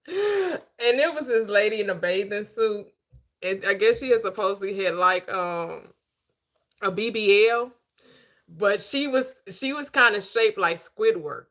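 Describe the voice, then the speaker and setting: A woman's voice: a little high, measured pace, long pauses, sharp tone. A middle-aged woman hosting a casual livestream chat, giggly and chatting with her viewers. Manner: giggly, laughs often, talks to viewers. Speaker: host.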